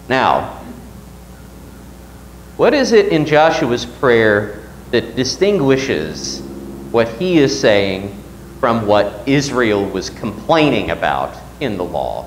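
A man's voice: medium pitch, big pitch swings, slow pace, roomy sound, a little hiss or hum, poor audio. A man teaching a Sunday Bible class at church, reading scripture aloud and asking the class questions.

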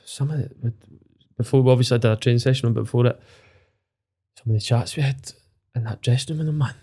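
Here a man from Scotland in his thirties, a footballer on a podcast as a guest, talks fast with a Scottish accent. His voice is medium-pitched, mellow and slightly rough, and he's openly emotional, with frequent swearing.

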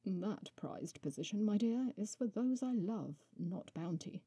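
A woman voicing a male winged horse-like beast in a storybook reading, speaking slowly and teasingly. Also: medium pitch, lively intonation, mellow, slightly rough, no room sound. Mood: drawling, mocking.

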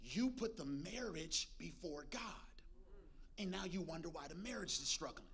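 A man preaching a lively sermon as pastor, calling out to the congregation and joking between points. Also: on the high side, moderate pace, a crowd in the background. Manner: preachy call-and-response with congregation, humorous asides. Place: church.

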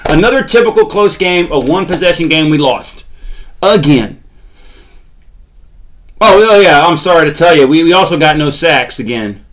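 A man's voice: on the high side, animated, normal speed, pauses often, a bit bright. A man ranting about his team's loss, exasperated and sarcastic, groaning and mocking. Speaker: sports channel host. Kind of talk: ranting fan commentary.

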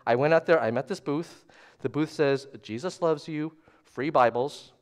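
Middle-aged male preacher, conversational storytelling sermon, mid-pitched voice, swings from hushed to loud. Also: moderate pace. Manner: conversational, self-deprecating, often asks "right?"; swings between hushed asides and loud animated bursts. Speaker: guest preacher. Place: church service.

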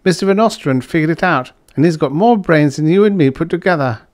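A man doing a sharp, rodentish little henchman. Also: on the high side, animated, dry recording, studio quality, voice pushed up, lightly acted. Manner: sharp, quick, loyal.

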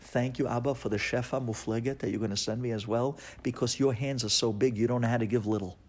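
Impassioned rabbi preaching. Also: male voice, medium pitch, fairly even intonation, fast talker. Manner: impassioned, swings from hushed to shouting. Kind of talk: sermon.

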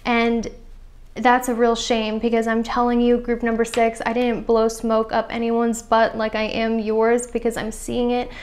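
A woman's voice: fairly high pitch, monotone, measured pace, darkish tone. A young woman giving a pick-a-card tarot reading straight to her viewers, earnest and chatty, full of "I feel like" and "you know". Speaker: tarot reader.

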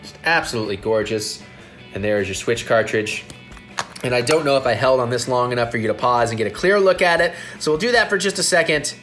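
Man, casual gameplay host, jokey and playful, reads text aloud, bouncy pitch, faint music behind. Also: expressive, fairly quick, fairly bright tone. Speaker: video game channel host. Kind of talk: casual unboxing and gameplay commentary.

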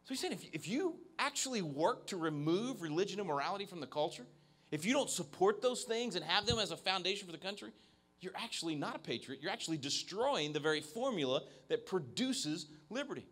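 A high-pitched, sing-song male voice, fairly quick and a little bright, carries a keynote speech at an event venue. Holding a handheld mic for the evening audience, he emphasizes points and restarts frequently.

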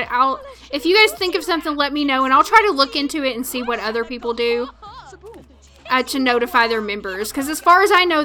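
Her voice sits high, bright and forceful as this gaming livestreamer, a woman with a Southern accent, chats giggly and casual about a life-sim game. She keeps talking directly to her viewers.

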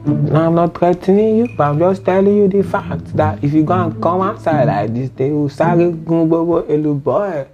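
A man's voice: fairly high pitch, normal speed, highs cut off, over music. A man with a Nigerian accent, cheeky and insistent, repeating himself in a comedy skit. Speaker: job applicant in a comedy skit.

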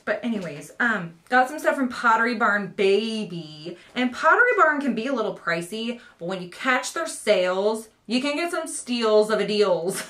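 This is a young woman, chatting to camera in a casual home vlog. Her voice sits a little high, and she gushes over each item in a bubbly way, laughing often. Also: bright, forceful tone. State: pregnant. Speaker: vlogger showing a baby haul.

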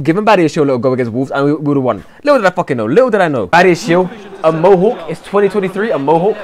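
A young man giving loud, swearing live commentary over a football video game, swinging from shouts to low mutters. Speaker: gaming streamer.

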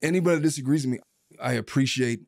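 A man's voice: medium pitch, racing, gravelly, a little mellow, no echo, studio quality. A man hosting a podcast as a lawyer, talking through a case in a blunt, opinionated and emphatic way. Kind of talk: casual legal commentary chat.

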